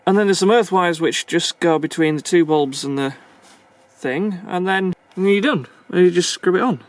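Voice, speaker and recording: Working on a car he's restoring, a man with a high-sitting voice chats and mutters to himself at normal speed. His narration is casual and self-deprecating.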